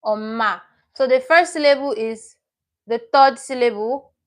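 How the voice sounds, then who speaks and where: A woman's voice: a little high, a little slow. A woman teaching a live online language lesson, patient and repeating each word as she explains it step by step.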